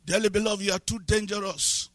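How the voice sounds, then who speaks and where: A man preaches a sermon with a high, bright and somewhat husky voice, recorded dry and close. He swings from low, reflective asides to shouted, sung-out declarations. He keeps repeating phrases and asking his listeners questions. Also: level tone, fairly quick, dry recording, faint music behind. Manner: breaks into speaking in tongues. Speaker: pastor.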